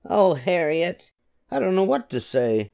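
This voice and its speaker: A sensible, caring girl hamster from a storybook, gently reassuring her sister, as an older grandfatherly reader puts her on. The voice sits high and lively, with a gravelly texture. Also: unhurried, heavily acted. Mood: gentle.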